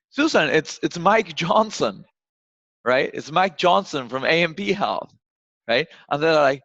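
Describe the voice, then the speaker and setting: A man coaching on cold calling over a video call, often acting out phone exchanges in a raised, lively voice. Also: on the high side, normal speed, creaky, no echo. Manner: acts out phone calls in a raised voice. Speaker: sales trainer. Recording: dull, dry video call audio.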